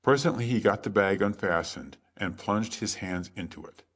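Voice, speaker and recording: A man reading a classic adventure tale aloud as calm, measured sleep story narration. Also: on the low side. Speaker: audiobook narrator.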